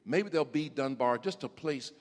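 A male pastor preaching a sermon in a church. He calls out to members of the congregation by name and breaks into shouts. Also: mid-range voice, lively intonation, normal speed. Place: church sanctuary. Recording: echoey church sanctuary.

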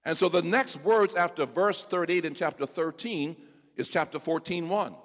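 A male pastor preaching a sermon in a church. He calls out to members of the congregation by name and breaks into shouts. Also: fairly high pitch, moderate pace. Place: church sanctuary. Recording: echoey church sanctuary.

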